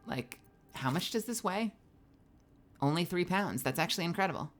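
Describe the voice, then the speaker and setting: A woman's voice: fairly low pitch, expressive, moderate pace. A woman streaming a video game live, chatting playfully with her viewers as she plays. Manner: playful, chatty, talks to chat. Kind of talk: live gameplay commentary.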